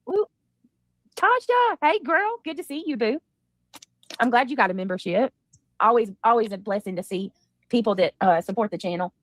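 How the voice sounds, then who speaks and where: A woman's voice: mid-range voice, a little fast, no room sound. A woman on a livestream, casually drawling greetings to her viewers and chatting.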